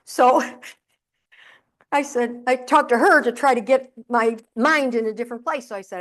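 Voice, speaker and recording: Middle-aged ny woman doing a funny keynote, acts out her family, voice a bit high. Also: unhurried, fairly bright tone. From upstate New York. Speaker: keynote speaker and humorist. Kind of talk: humorous keynote storytelling. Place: conference room with audience.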